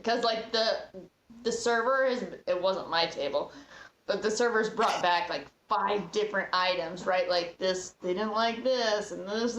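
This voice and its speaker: A woman's voice: medium pitch, fairly bright tone. Female podcast host, casual chatty storyteller, echoey room sound. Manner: chatty, quotes others.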